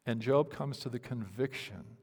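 A man's voice: medium pitch, normal speed, breathy edge. Dramatic preaching man in a reverberant hall. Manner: dramatic delivery, swinging from loud pleading to hushed near-whispers. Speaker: pastor. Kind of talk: sermon.

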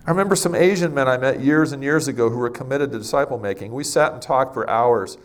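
Middle-aged male preacher, slightly high voice, emphatic delivery with shifting pace. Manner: emphatic, varies pace and loudness for effect. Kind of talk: sermon.

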